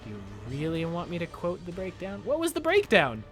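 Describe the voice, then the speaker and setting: A man streaming a video game, talking casually with his viewers in a loud, jokey, excitable way. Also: sits high, fairly quick, faint music behind. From United States. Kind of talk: casual live-stream commentary. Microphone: desk microphone.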